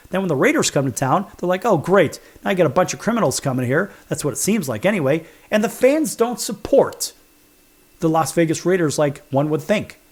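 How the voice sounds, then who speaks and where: A man from Chicago hosting a sports talk show, counting down rankings with sarcastic, wisecracking emphasis. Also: high-pitched. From Chicago, USA. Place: studio.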